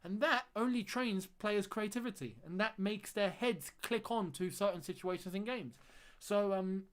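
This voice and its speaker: A young man with a notably high voice hosts a live-stream watchalong. He chats easily with his viewers, thanks them and reads out their comments, often saying a phrase twice for emphasis. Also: moderate pace. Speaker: fan channel host.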